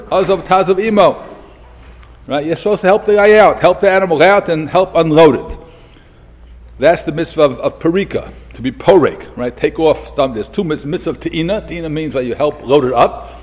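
A man giving a Torah lecture to students as a yeshiva rabbi, animated and acting out the quoted speakers, mixing in Hebrew and Yiddish terms. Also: a little high, in a large hall.

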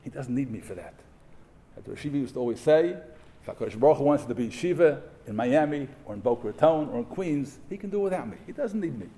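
A man's voice: medium pitch, expressive, quick pace, warm tone. A middle-aged man giving a sermon to a yeshiva audience, emphatic, asking rhetorical questions and mixing in Hebrew terms. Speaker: rabbi giving a memorial talk.

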